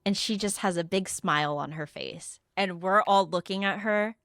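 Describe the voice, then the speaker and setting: A woman's voice: medium pitch, moderate pace, fairly bright tone, no room sound, clean studio sound. A young adult woman co-hosting a podcast, casually telling a story, acting out quotes and swearing freely. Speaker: podcast co-host.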